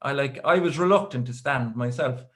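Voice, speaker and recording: An Irish comedian in his thirties spins a stand-up story in a loose, rambling way. His voice sits at an ordinary middle pitch, and he drops in dry, offhand asides as he goes. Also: fairly quick, fairly bright tone.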